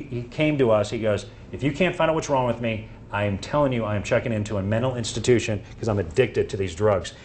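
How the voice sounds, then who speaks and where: A man's voice: mid-range voice, a little mellow, slight background noise. Man giving an anecdotal medical talk. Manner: anecdotal, acts out quoted exchanges. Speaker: doctor presenting to an audience. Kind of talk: live medical presentation.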